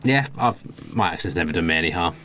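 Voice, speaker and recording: A man with a Birmingham accent chats on a podcast at a brisk clip. His voice sits very low. He gives firm opinions and teases his co-host in easygoing banter. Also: lively intonation, sharp tone, slight background noise. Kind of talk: casual podcast chat.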